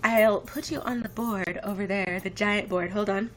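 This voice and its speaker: A woman's voice: medium pitch, normal speed, hardly any pauses, fairly bright tone, a little hiss or hum. A woman in her twenties chatting casually on a live stream, rambling and reacting to viewer comments. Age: 20s. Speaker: livestreamer.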